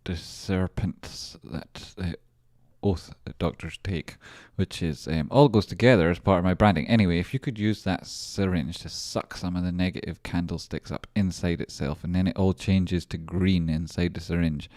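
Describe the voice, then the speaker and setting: A man hosting a casual livestream, rambling and joking, with bursts of excitement while reading out supporters' names. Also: low voice, moderate pace, no echo, clean studio sound. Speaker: livestream host, trader.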